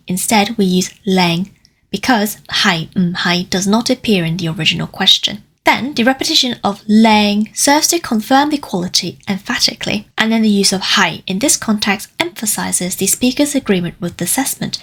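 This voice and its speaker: A woman language teacher giving a scripted lesson, explaining grammar clearly and slowing down to sound out example phrases. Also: mid-range voice, animated, a bit bright. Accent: Cantonese. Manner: clear, careful explanations with slowed Cantonese examples.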